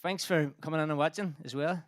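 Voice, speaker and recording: A man's voice: a little high, fairly even intonation, fairly quick. A band frontman bantering between songs at a live streamed gig, out of breath, swearing and joking at his own expense. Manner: sweary, self-mocking jokes. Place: live music venue streamed online.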